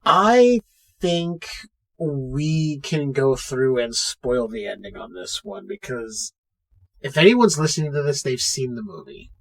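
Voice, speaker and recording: A man's voice: mid-range voice, slow pace, low-quality recording. A man co-hosting a podcast, casually retelling a film scene by scene and acting out the lines. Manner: animated retelling with quoted voices. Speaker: podcast co-host. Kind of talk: casual movie recap chat.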